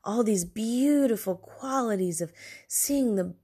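A woman's voice: on the high side, expressive, measured pace, warm tone, slightly rough. A woman hosting a solo podcast alone in her room late at night, rambling and self-deprecating as she drifts off on tangents.

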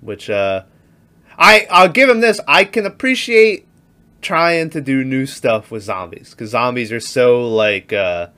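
Man, podcast co-host, casual movie chat, bright tone, animated retelling. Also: medium pitch, measured pace. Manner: animated, laughs while retelling scenes.

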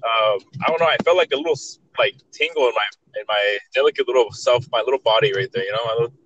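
A man's voice: mid-range voice, quick pace, fairly bright tone, muffled recording, a little hiss or hum. A young man telling creepy stories in a casual chat, rambling with heavy slang, swearing and many restarts.

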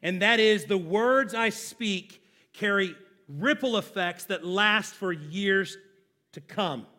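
A pastor in his forties delivers a sermon in a high, ringing voice. He talks directly to his congregation and gets them to call back. He moves from loud, pressing emphasis to low, hushed asides. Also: takes it slowly. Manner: addresses the congregation directly, prompting call and response.

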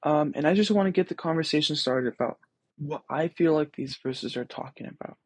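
A man's voice: fairly high pitch, brisk, slightly rough, no echo. A young man hosting a podcast, reflecting on scripture in a casual, earnest way with many ums and restarts. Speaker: podcast host.

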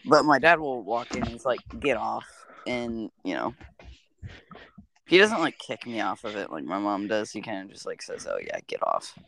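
Teen male co-host, stop-start talker, bright and animated. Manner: halting, many restarts, lively pitch. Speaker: podcast co-host. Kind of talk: casual chat.

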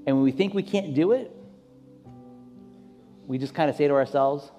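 High-voiced pastor in an echoing hall. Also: male voice, normal speed, faint music behind. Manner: impassioned prayer, rising high and loud at peaks. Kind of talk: sermon closing and prayer.

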